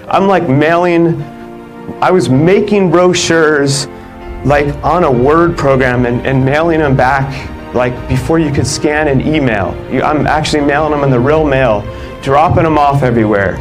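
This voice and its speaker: Male keynote speaker in his thirties, a bit higher-pitched, chatty and animated, faint music behind. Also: poor audio. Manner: animated, conversational, many "like" fillers, laughs between lines. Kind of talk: motivational keynote storytelling. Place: live event stage.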